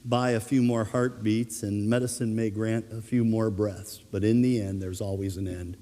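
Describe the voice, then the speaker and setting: A man preaching an earnest, animated sermon as pastor, telling anecdotes to his congregation. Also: fairly low pitch, normal speed, long reverb tail, slight background noise. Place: church.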